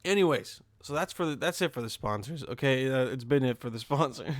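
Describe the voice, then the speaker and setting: A man's voice: mid-range voice, animated, a little fast, no room sound. A man hosting his own podcast, rambling casually in a profane, loose monologue full of fillers and restarts. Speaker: podcast host.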